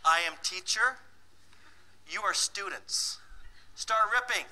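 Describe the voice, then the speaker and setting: A high-pitched male voice speaks slowly over a noisy background. He is presenting a live financial workshop, playfully teasing and bossing his audience around and laughing often between remarks.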